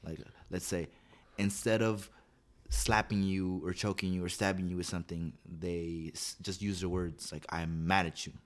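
A man's voice: deep voice, flat delivery, moderate pace. A young man and school psychologist chatting casually, rambling with lots of fillers and acting out the quotes in his stories. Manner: rambling storyteller, filler-heavy, acts out quotes. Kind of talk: casual podcast chat.

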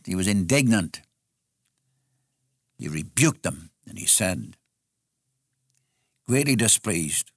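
A man's voice: low voice, animated, slow, long pauses, dry recording, studio quality. A man preaching an expository sermon in an earnest way, repeating phrases for emphasis.

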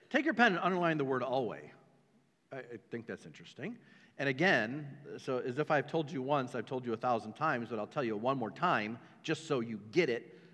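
A man's voice: medium pitch, fairly bright tone. Emphatic male pastor in a reverberant church. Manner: emphatic, joking asides, repeats phrases. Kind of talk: sermon. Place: church sanctuary. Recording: long hall reverb.

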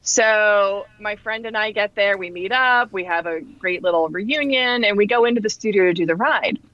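As a podcast guest, a New Jersey woman in her forties tells a casual anecdote at normal speed with a lively, chatty rhythm, raising her pitch to play the people she quotes. The audio is dull and dry, like a lo-fi podcast.

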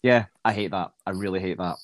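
A man's voice: deep voice, a little fast, no echo, clean studio sound. A middle-aged man co-hosting a podcast from home, wry and jokey. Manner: wry, jokey, does silly impressions. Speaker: podcast co-host. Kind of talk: casual chat.

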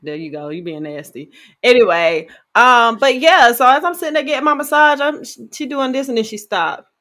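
A woman co-hosting a casual podcast, telling stories in an animated, slangy way and talking to her listeners. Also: on the high side, brisk. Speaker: podcast co-host. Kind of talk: casual chat, storytelling.

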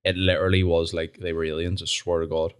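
Laid-back young Northern Irish man, low voice. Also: little pitch movement, fast talker, smooth. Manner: laid-back, swears casually, laughs often. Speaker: podcast guest. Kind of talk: casual chat.

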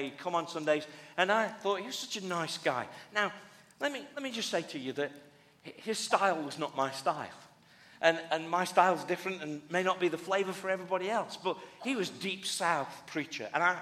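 A man's voice: a little high, fairly bright tone. A man, a pastor preaching a conversational sermon with restarts and light humorous asides. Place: church hall. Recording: long reverb of a church hall.

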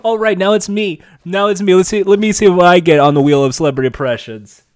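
A man co-hosting a comedy podcast, joking in a mock-serious way that swings from soft to loud. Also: sits high, fairly even intonation, fast, noisy background. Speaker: podcast co-host. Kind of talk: casual comedy banter.

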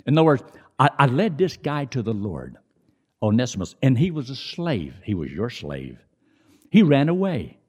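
A middle-aged man preaching a sermon in a conversational way, rising high on emphasis and dropping low between. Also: big pitch swings, moderate pace, darkish tone.

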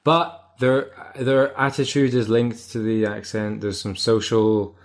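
A man hosting a relaxed podcast chat. He hesitates and trips over the first words of his sentences before getting going. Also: medium pitch, unhurried. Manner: hesitant, repeats words when starting. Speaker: podcast host. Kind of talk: casual interview chat.

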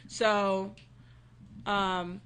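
A woman's voice: mid-range voice, little pitch movement, a bit bright, slight background noise. Woman co-host recounting a news story. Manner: measured storytelling with filler ums. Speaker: podcast co-host. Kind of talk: casual chat.

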